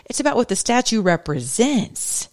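A woman's voice: on the high side, very animated, moderate pace. A woman hosting her own podcast, giving earnest, conversational religious commentary in a preacherly way. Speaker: podcast host.

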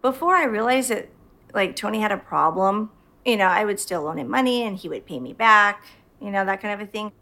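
This middle-aged woman speaks at a mid-range pitch, fairly quickly, with some vocal fry. Chatting casually in an interview, she recounts a story as an animated storyteller, performing her own past lines.

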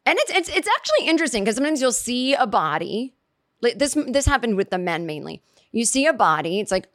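A woman's voice: on the high side, sing-song, a little fast, fairly bright tone, no echo, clean studio sound. A woman telling a casual comic story, rambling and chatty, acting out quoted reactions as she goes.

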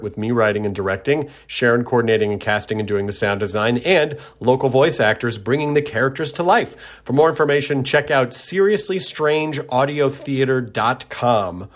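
A man from Tennessee hosting his own podcast, talking in a rambling, self-correcting, friendly way. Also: mid-range voice. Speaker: podcast host. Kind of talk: casual podcast intro.

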